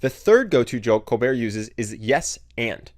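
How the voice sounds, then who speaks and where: A man's voice: mid-range voice, sing-song, measured pace, no echo. Man narrating a comedy explainer, dry sound. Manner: clear explanatory delivery. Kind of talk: scripted narration.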